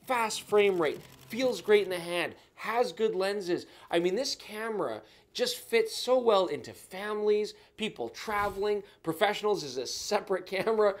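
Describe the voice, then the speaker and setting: A man's voice: sits high, lively intonation, moderate pace, hardly any pauses. Tipsy joking male camera show co-host. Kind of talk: casual product review banter.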